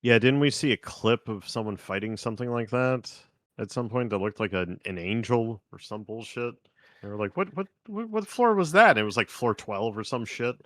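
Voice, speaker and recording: A man's voice: on the low side, fairly even intonation, moderate pace, no room sound, clean studio sound. A man co-hosting a podcast, riffing and joking with casual swearing. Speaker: podcast co-host. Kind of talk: casual chat.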